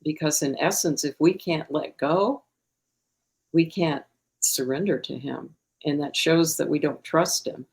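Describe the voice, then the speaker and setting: Low, gravelly woman teacher. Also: animated, unhurried. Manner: earnest, teaching, emphatic. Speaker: guest teacher. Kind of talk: casual faith discussion.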